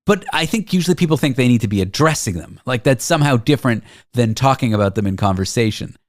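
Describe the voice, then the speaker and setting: A man hosting an interview show, curious and joking, with a lively, animated way of talking. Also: mid-range voice, fast talker, dry recording, studio quality. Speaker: radio show host. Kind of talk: interviewing a guest.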